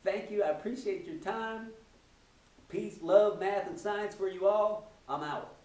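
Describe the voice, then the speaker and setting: A man's voice: high-pitched, measured pace, a little mellow, echoey room, distant mic, low-quality recording. A man who teaches, telling math and science jokes in a comedy routine and laughing at his own punchlines. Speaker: teacher doing stand-up.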